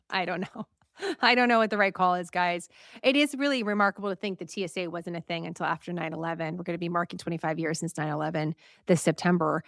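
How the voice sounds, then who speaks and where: A woman hosting a news show, talking casually to a live audience in a chatty, animated way, laughing and asking viewers what they think. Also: on the low side, gravelly, no room sound, clean studio sound.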